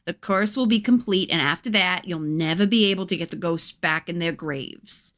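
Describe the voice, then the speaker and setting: A woman's voice: lowish voice, normal speed, a bit bright, natural voice. A woman voicing a blunt, mercenary adult male ghost hunter while reading a gamebook aloud. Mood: urgent.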